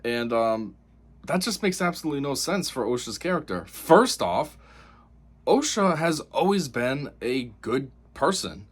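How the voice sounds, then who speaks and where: A man's voice: mid-range voice, sing-song, unhurried, breathy edge. A man giving a casual spoken review of a TV episode, rambling and exasperated, with lots of fillers.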